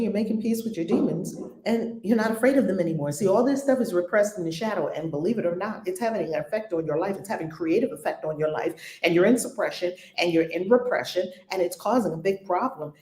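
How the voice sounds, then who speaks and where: A woman's voice: on the low side, quick pace, dark tone, reverberant. A woman hosting a casual spiritual discussion, frank and slangy, often laughing. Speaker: spiritual teacher and host.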